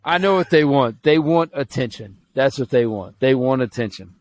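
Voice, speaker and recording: A man's voice: mid-range voice, animated, moderate pace. A man from Alabama co-hosting a podcast, talking bluntly with swearing and jokes in casual chat. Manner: blunt, profane, joking. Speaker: podcast co-host.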